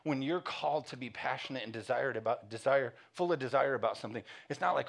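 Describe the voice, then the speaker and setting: A male pastor with a gravelly, medium-pitched voice preaches quickly, hardly pausing. He tells a story from home in a casual way, chuckling often, then shifts into earnest exhortations to be passionate.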